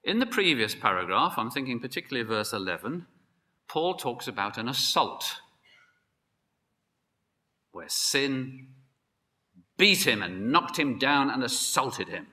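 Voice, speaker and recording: A man preaching a sermon, emphatic and building to excited peaks. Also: medium pitch, unhurried, pauses often. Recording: long hall reverb.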